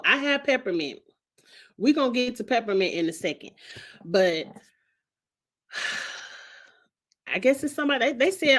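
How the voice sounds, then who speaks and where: Woman, casual vlog recap, animated and slangy, curses a lot, fairly high voice, filmed at home on a webcam. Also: unhurried, pauses often. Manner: chatty, slangy, frequent cursing; animated, talks straight to viewers. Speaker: reality TV reviewer.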